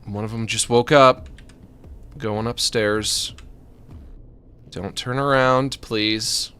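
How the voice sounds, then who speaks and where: A man's voice: mid-range voice, steady tone, slow, sharp tone, clear, resonant tone. A man streaming a game, rambling and joking, with panicky yelps when chased. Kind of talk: let's play commentary.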